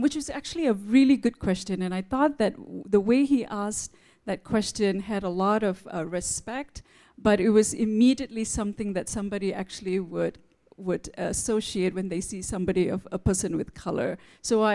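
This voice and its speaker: A woman who came to the United States from abroad, moderating a live panel and telling a humorous, animated story. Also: medium pitch, moderate pace. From outside the United States.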